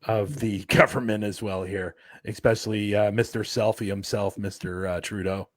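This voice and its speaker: A man's voice: lowish voice, fairly even intonation, moderate pace, no room sound, studio quality. A man, a guest chatting casually in an easygoing, rambling way with fillers. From Canada. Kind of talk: casual chat.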